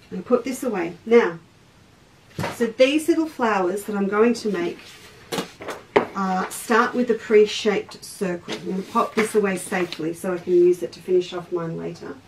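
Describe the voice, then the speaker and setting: An Australian shop host and craft teacher demonstrates sewing live, chatty and stopping to welcome her viewers. Her medium-pitched voice comes at a moderate pace from far off the mic, in a rough recording with a faint background hum of noise.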